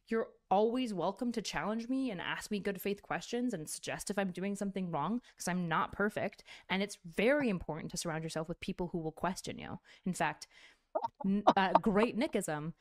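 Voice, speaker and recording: A woman content creator talking bluntly and profanely in a rambling casual stream. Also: mid-range voice. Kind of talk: clip of casual stream talk.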